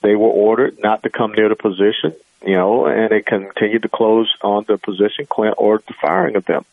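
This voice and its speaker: A man's voice: lowish voice, a little fast, gravelly, no room sound, phone-quality sound. A man who is a guest on a radio talk show, arguing emphatically and often saying "you know". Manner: emphatic, argumentative, filler-heavy.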